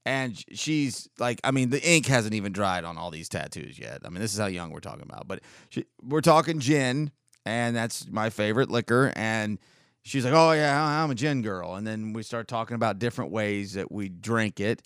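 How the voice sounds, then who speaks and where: A man's voice: on the low side, lively intonation, moderate pace, fairly bright tone, smooth, dry recording, clean studio sound. A man in his forties from the United States, rambling wryly and sarcastically through a casual solo monologue as a podcast host.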